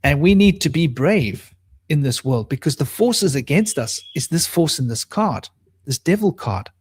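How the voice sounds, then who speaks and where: A man's voice: a little high, expressive, normal speed, slightly rough, no room sound. A man chatting casually about spiritual topics on a video call, rambling with frequent restarts. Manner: talks in a soft baby voice to a small pet bird. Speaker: co-host.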